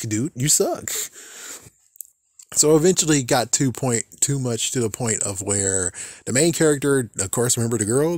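A man rambling through a casual book review, slangy and quick to laugh, with exaggerated asides. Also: medium pitch, no echo, studio quality.

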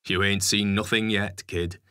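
A man's voice: fairly low pitch, level tone, unhurried, bright, forceful tone, smooth, no room sound, studio quality. Man voicing a matter-of-fact convoy driver. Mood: steady. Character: calm convoy driver, adult man, reassuring.

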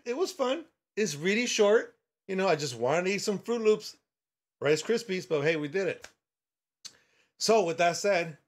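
A man giving horror game commentary as a channel host, excitable and quick to yell when startled. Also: high-pitched.

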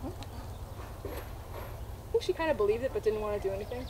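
A woman vlogs outdoors with her horse, chatting casually to it and to viewers, talking playfully and giggling between lines. Her voice is medium-pitched with lively intonation and a slightly fast pace. A camera mic a few steps away picks her up over a noisy background.

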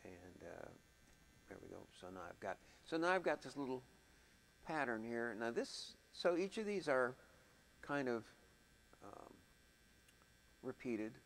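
A man's voice: mid-range voice, sing-song, measured pace, creaky, long pauses, fairly bright tone, rough recording. A man teaching music production in a casual, thinking-aloud way, humming out drum rhythms as he goes. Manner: thinks aloud, chatty, vocalizes drum patterns.

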